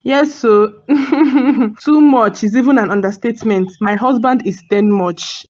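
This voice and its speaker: A woman's voice: on the high side, a little slow, darkish tone, highs cut off. A woman with a Nigerian accent voicing a doting, proud wife and mother in a cartoon, effusive and full of sighs of delight. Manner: effusive, sighing "aw", laughs often. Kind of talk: cartoon voice acting.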